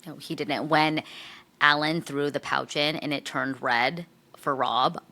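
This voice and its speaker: A woman co-hosting a podcast, giving quick opinionated takes in casual chat. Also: low voice, fairly even intonation, bright, forceful tone. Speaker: podcast co-host.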